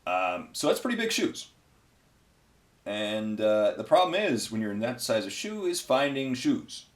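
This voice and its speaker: A man's voice: mid-range voice, big pitch swings, a little slow. A tired man hosting a miniature-painting show at home, chatting in a rambling, offhand way. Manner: rambling, offhand, self-amused. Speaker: painting channel host. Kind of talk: casual chat while painting miniatures. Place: home, near a garage. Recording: roomy echo.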